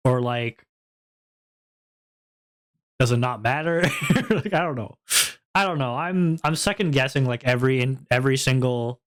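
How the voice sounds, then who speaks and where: A man's voice: mid-range voice, clear, resonant tone. A young man chatting casually on his stream, rambling and self-deprecating with lots of fillers.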